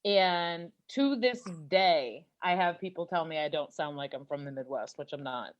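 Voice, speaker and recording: A young woman co-hosting a podcast, teasing and blunt, excitable in casual chat. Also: deep voice, moderate pace, highs cut off. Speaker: podcast co-host.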